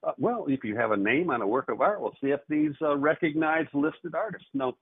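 A man hosting a call-in radio show as an auctioneer, with brisk, salesy patter. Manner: salesy, rapid pitch with repeated phone number. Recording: husky voice over a tinny phone-like radio line.

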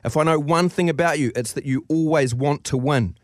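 A man's voice: a little high, brisk, dry recording, studio quality. A man with a New Zealand accent, a radio co-host giving a sincere, slightly emotional tribute on air.

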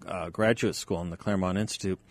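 A man's voice: deep voice, steady tone, fast talker, no echo. A man hosting a talk radio show, talking in a conversational, wry and emphatic way into a studio microphone. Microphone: studio microphone, dry.

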